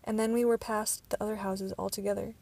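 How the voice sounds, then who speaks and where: A woman's voice: medium pitch, flat delivery, brisk, gravelly, a little mellow. A woman narrating an amateur audiobook reading, stumbling at times with restarts.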